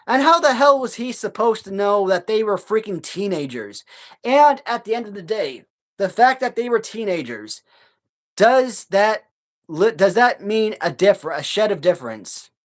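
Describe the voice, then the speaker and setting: A man hosting a live stream in casual chat, swearing heavily as he rants in a heated, halting way full of restarts. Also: high-pitched, sing-song. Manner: profane, heated ranting; halting, many restarts and fillers.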